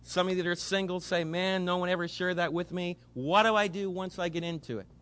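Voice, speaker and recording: A pastor delivers a sermon explaining scripture, acting out the voices of members of his congregation. His high voice moves fairly quickly, and he's animated, picking up speed when he gets excited.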